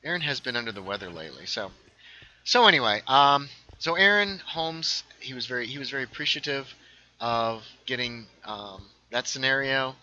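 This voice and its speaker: Talking his way through a game livestream, a man with a very bright, sharp, expressive mid-range voice drifts from topic to topic. He reads viewers' comments out loud, makes quick asides, and the sound is lo-fi.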